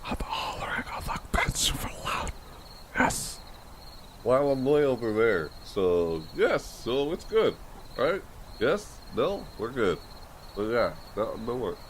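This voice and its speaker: A man's voice: fairly low pitch, a little hiss or hum. A man live-streaming from his bedroom, chatting casually and repetitively to viewers while lying on his bed, with his microphone gain turned all the way up. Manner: rambling, repetitive, animated, often yelling to chat. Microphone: desk mic with gain turned all the way up.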